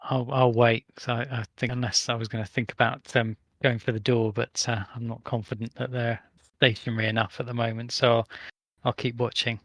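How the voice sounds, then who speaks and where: A man's voice: medium pitch, level tone, a little fast, fairly bright tone, dry recording. A man playing a tabletop game, carefully asking questions and planning his character's moves. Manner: careful, asks clarifying questions. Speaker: player.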